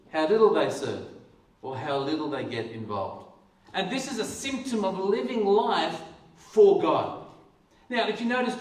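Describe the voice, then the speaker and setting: A man preaching a sermon as pastor, talking earnestly and often repeating words as he starts a phrase. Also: high voice. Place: church hall. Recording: echoey hall, voice from far off.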